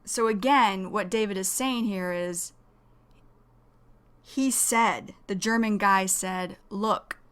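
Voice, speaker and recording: A woman's voice: mid-range voice, slow pace, a bit bright, smooth. A woman teaching an English vocabulary lesson, explaining words carefully and repeating them.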